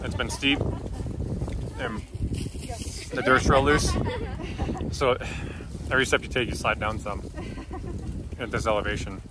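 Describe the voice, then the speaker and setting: A man's voice: medium pitch, measured pace, long pauses. A man filming a family hiking vlog outdoors, chatty and winded from the climb, talking to the camera as he walks. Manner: chatty, breathless, talks to camera between steps. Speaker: vlogger, father of the family. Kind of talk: casual hiking vlog narration. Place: outdoors on a volcano trail. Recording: outdoor camera audio with loud background noise.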